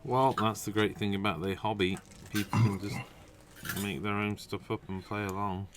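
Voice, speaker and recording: A man hosts a relaxed hobby chat stream. His voice is very low, and he rambles through his points with plenty of restarts and asides. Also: normal speed, noisy background. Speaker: host. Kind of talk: casual hobby livestream chat.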